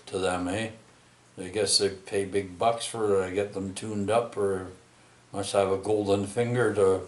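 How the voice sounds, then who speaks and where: A middle-aged man tells a rambling story in a low voice, stopping and restarting his sentences and tacking "eh?" onto them. The voice carries a roomy echo. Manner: rambling, halting, many restarts and tag questions. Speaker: vlogger telling a personal story.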